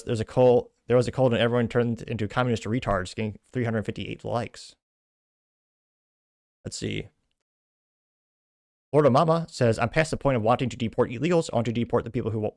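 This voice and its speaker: A man's voice: medium pitch, no echo. Dry-sounding male political show host. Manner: reads posts aloud with like counts, then opinionated asides. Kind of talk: political commentary reading social media posts.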